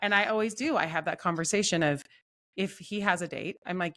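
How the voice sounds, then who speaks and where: Low-voiced thoughtful woman co-host. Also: fairly bright tone. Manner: thoughtful, measured, leads the topics. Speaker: podcast co-host. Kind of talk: casual podcast chat.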